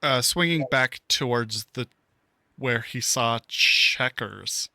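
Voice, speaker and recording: A man narrating a tabletop game as game master in a relaxed, rambling way, full of fillers and dad jokes. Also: medium pitch, takes it slowly, creaky, no room sound, studio quality.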